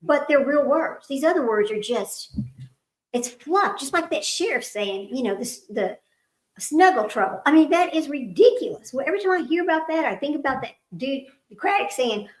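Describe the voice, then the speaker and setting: A high-pitched woman hosts a casual trivia livestream, chatty and giggly, laughing at herself as she drifts off topic. Her voice rings around an echoey room at home. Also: expressive, moderate pace. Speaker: livestream host running trivia. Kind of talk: casual chat with live viewers. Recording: roomy echo.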